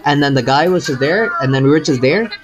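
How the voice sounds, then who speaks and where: A man's voice: on the high side, expressive, fast talker, poor audio. A man streaming live, telling a long story in a rambling, casual way, repeating words and calling the listener bro.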